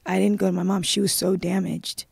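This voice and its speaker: A woman's voice: mid-range voice, flat delivery, brisk, vocal fry, husky, no room sound. A woman, a guest in a live-streamed interview, telling her own story in a subdued, earnest way.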